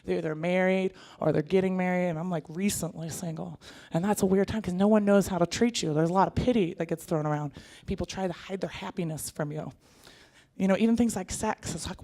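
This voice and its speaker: A woman in her thirties performing a stand-up comedy set, animated and jokey, jumping into put-on voices. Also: on the low side, a little fast. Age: 30s. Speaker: stand-up comic.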